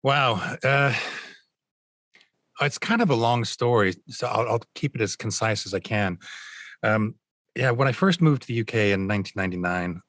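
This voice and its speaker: A man's voice: fairly low pitch, moderate pace, a bit bright, no echo. A middle-aged man as a guest on a casual podcast interview, speaking in an easygoing, hedging way with light laughs. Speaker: guest voice actor.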